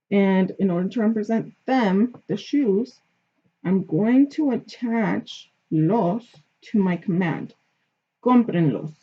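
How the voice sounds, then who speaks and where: A woman's voice: mid-range voice, breathy edge. A woman teaching a grammar lesson, explaining patiently step by step and checking in with her listeners. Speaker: Spanish teacher. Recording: dull lo-fi recording.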